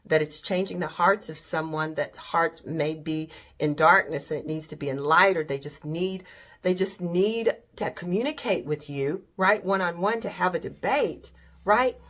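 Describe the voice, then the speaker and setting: A woman's voice: lowish voice, normal speed, fairly bright tone. A woman hosting a faith-based motivational talk, speaking in a direct, emphatic way and often asking "right?". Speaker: host.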